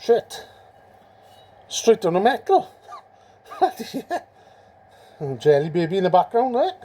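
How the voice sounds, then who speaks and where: Male vlogger, slightly high mellow voice, rambling and self-deprecating, faint workshop noise behind. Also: sing-song, moderate pace. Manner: rambling, self-mocking, chatty with fillers. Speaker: motorcycle restorer. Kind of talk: casual workshop vlog.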